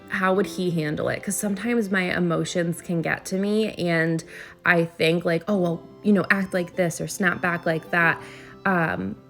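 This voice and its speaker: A woman's voice: fairly low pitch, vocal fry. A woman recording a casual voiceover at home, talking earnestly and rambling with frequent restarts. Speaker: vlogger.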